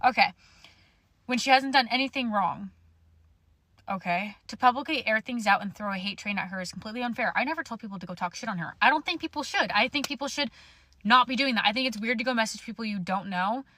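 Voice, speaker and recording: A woman's voice: on the high side, fast, sharp tone, a little hiss or hum. A young woman telling a storytime to her phone camera in an angry rant, swearing bluntly. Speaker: social media storyteller.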